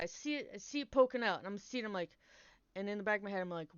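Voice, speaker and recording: A young woman chats to her stream in a smooth, resonant voice, rambling animatedly through a story, swearing freely and cutting herself off mid-sentence. The mic sounds dry and a little dull, like lo-fi stream audio. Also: medium pitch, expressive, racing, no room sound. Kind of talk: casual storytelling chat.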